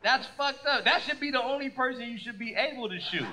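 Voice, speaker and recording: A man doing a stand-up comedy set on a club stage, loud and animated, shouting his punchlines into a handheld mic. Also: extremely high pitch, fairly quick, very noisy.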